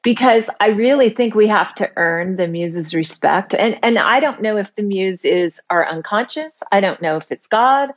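A woman guest on a talk show, telling a personal story in a lively way and acting out the voices of the people in it. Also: medium pitch, moderate pace, few pauses. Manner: lively, acts out voices in quotes. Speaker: author guest. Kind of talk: animated storytelling.

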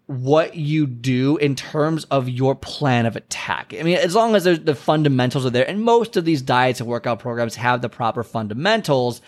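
Casual man hosting a fitness podcast. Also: on the high side. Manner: casual, conversational, acts out little dialogues. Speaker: podcast host. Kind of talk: solo motivational podcast talk.

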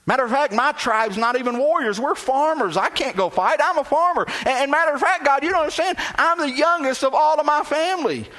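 A man's voice: very high voice, lively intonation, fairly quick, hardly any pauses, sharp tone, pitched above the performer's own voice, full character voice. A frightened young male farmer, put on by a preacher, pleads his excuses in a raised, strained voice. He talks in stammering protests, and his voice sits well above an ordinary man's. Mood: pleading.

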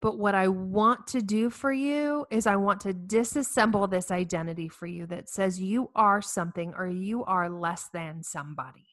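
A woman's voice: mid-range voice, normal speed, few pauses, no room sound. Earnest woman in her forties. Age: 40s. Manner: earnest, animated storyteller with self-mocking humor. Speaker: speaker addressing women facing infertility. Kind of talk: heartfelt inspirational talk.

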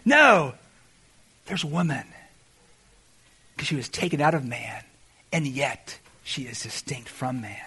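Animated preaching man, husky voice. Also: extremely high pitch, a little slow. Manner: animated, swinging from shouted exclamations to quiet asides. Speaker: pastor. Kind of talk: sermon.

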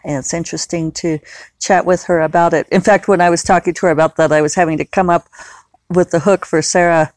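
Novelist, woman with a fairly low voice, loose rambling monologue that doubles back on itself, dry close sound. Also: fairly even intonation, brisk, darkish tone, no room sound. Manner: rambling, often correcting herself. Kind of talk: casual solo podcast chat.

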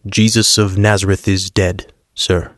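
A man's voice: measured pace, no echo, studio quality. A man voicing a stern, battle-hardened centurion who speaks curtly. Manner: curt, low and flat.

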